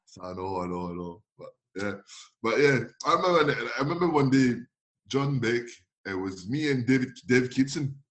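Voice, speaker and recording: A lively man with as his spins football stories in a casual interview. He laughs often, slips into voices for the people he quotes, and his pitch sits in an ordinary middle range. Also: normal speed. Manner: animated, laughing often, acting out others' voices. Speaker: former footballer guest.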